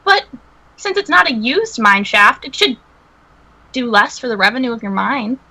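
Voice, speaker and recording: A woman's voice: a little high, sing-song, normal speed, pushed and bright, husky, low-quality recording. A woman playing in a tabletop game, blunt and wry, swearing freely. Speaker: player.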